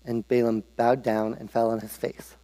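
A man's voice: mid-range voice, monotone, normal speed, mellow. A man preaching in a casual, humorous storytelling way, with frequent restarts, in a hall with a long echo. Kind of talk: casual Bible storytelling sermon.

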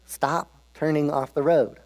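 A man's voice: a little high, steady tone, measured pace. A man voicing a stubborn, reluctant prophet on a donkey in a retold Bible story, whiny and exasperated, in a hall with a long echo.

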